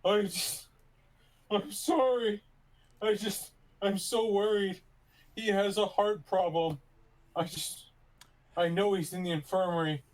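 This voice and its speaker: Man putting on a fake-crying man, wailing, pleading, very high, slow. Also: steady tone. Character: grown man fake-crying like a pitiful child.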